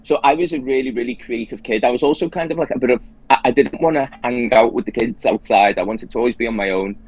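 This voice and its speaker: A man's voice: mid-range voice, fast talker, narrow, tinny audio. A man hosting a casual conversation who tells his story earnestly and with animation, restarting his sentences often. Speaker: host.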